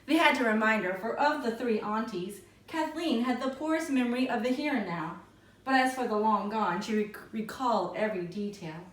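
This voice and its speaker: A woman teacher reading a picture book aloud in an expressive, lilting storytelling voice. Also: fairly high pitch, normal speed. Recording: echoey room, mic far off.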